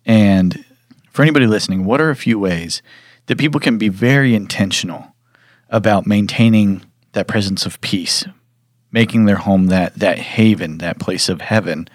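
Male host, very low voice, measured questions, dry close mic. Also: dry recording. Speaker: podcast host. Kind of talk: interview questions.

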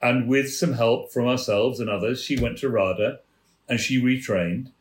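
A man from England, a former theatre manager, telling lively backstage anecdotes as a podcast guest and acting out the voices in his stories. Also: medium pitch, normal speed. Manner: lively raconteur, acts out quoted voices. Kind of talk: anecdotal storytelling. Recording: roomy echo.

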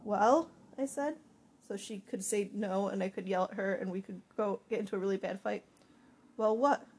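A woman narrating a first-person audiobook with an expressive, animated reading. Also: medium pitch, brisk, a little hiss or hum.

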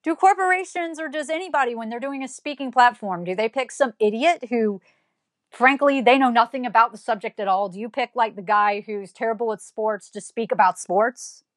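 A woman's voice: a little high, fairly quick, dry recording, studio quality. A woman giving an opinion monologue, blunt and scolding, firing off one rhetorical question after another. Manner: emphatic, fires rhetorical questions. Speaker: commentator.

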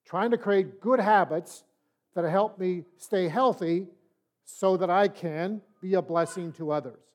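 An older man teaching a Bible study in a relaxed, folksy, conversational way, telling stories. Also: high voice, unhurried. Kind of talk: sermon-style storytelling and teaching.

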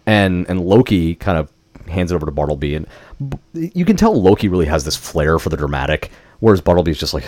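A man's voice: low voice, very animated, fast, a little mellow, no room sound. A young man co-hosting a podcast, chatting casually and swearing as he retells a film scene. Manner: chatty storytelling with laughs and swearing. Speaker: podcast co-host. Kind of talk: casual chat recapping a film.

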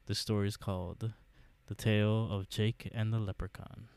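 A man co-hosting a podcast, recapping a TV episode in a casual, halting way with lots of fillers and restarts. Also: fairly low pitch, flat delivery, a little mellow, clear, resonant tone, dry recording. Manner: hesitant, many fillers, laughs often. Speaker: podcast co-host.

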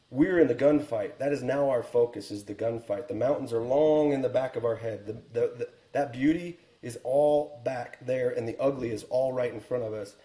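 This podcast guest, a man in his forties who flew helicopters for the Air Force and writes books, has a warm, mellow, medium-pitched voice. He shares his story earnestly and thoughtfully, stopping to begin ideas over, amid a clearly echoing room.

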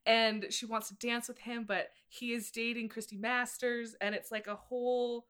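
A woman's voice: on the high side, little pitch movement, moderate pace, fairly bright tone, smooth. A woman in her late twenties, co-hosting a podcast in bubbly, rambling casual chat. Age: late 20s. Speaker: podcast co-host.

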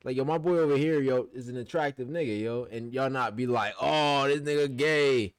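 A man co-hosting a casual podcast chat, talking in a loose, relaxed way with his friends. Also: medium pitch, brisk, clean tone. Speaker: podcast co-host.

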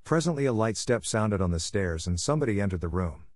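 A man narrating a classic storybook in a measured, steady reading. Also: lowish voice, no echo. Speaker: audiobook narrator.

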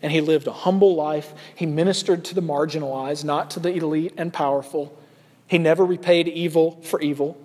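A man's voice: fairly high pitch, fairly even intonation, fairly quick. A man in his thirties preaching an earnest sermon as a pastor, pressing questions on his listeners. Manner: earnest, rising to loud acted shouts in quotes. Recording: long hall reverb.

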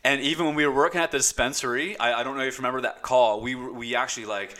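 Man, podcast co-host, casual chat, rambling, filler-heavy, bright voice. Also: medium pitch, fairly even intonation, rapid-fire. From Nova Scotia, Canada. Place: indoor room, drinking with friends.

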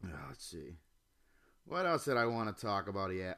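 Young male podcast host, solo rant at home, crisp voice, constant cursing, drifts off topic. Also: fairly low pitch, sing-song, moderate pace, bright, forceful tone. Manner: profane, rambling, jumps off topic. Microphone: home computer or desk mic.

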